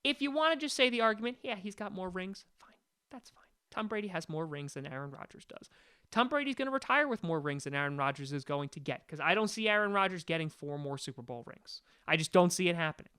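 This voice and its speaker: A man's voice: on the high side, sing-song, fast, sharp tone, smooth. A man hosting a sports podcast, ranting in an exasperated, emphatic way. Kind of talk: opinionated sports rant.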